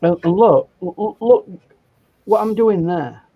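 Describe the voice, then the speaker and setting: A man's voice: high-pitched, animated, measured pace, no room sound, phone-quality sound. A man teaching a painting demonstration over a video call, instructive and stammering as he starts sentences. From England. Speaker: art instructor.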